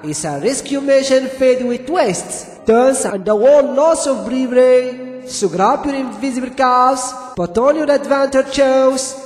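Enthusiastic high-voiced male storyteller. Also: darkish tone. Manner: enthusiastic, halting narration. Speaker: storyteller retelling a cartoon. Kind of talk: excited story narration. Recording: echoey room with long reverb, faint music.

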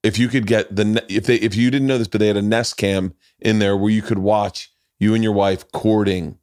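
A man in his forties with a lowish voice tells stories in a loose, rambling way. He swears freely and slips into little acted-out quotes. The sound is dry and close to the mic. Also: steady tone, a little fast, darkish tone, dry recording. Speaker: podcast host. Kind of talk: casual chat.

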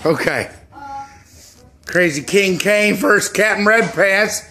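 A man hosting and calling toy car races at home, switching between slow announcements and loud whooping shouts. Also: sits high. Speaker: race host. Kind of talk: excited hobby race commentary. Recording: noisy home recording.

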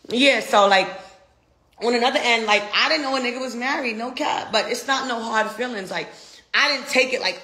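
A young American woman rants in a brash, defiant, profane way and circles back over the same points. Her voice is bright and forceful. The sound is roomy and echoing. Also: fairly high pitch, a little fast. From United States. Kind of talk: casual rant.

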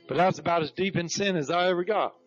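In a church sanctuary, a middle-aged pastor preaches a sermon full of stories, breaking into "Praise God" again and again with rising fervor. His voice is high and fast, with soft music behind him. It's a dull, lo-fi church recording from 1991.

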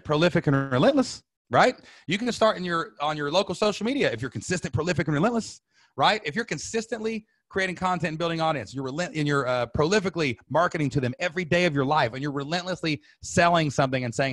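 A man hosting a sales webinar, fired up and preachy, repeating slogans and letting out loud whoops. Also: a little high, animated, fast, no room sound. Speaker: webinar host. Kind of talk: energetic sales webinar talk. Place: home studio under lights.

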